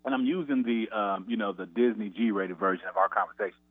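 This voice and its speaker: A former college basketball player telling a practice story on a radio interview, animated, acting out the quotes with a raised voice. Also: male voice, lowish voice, brisk, no echo. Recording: tinny phone line, dry.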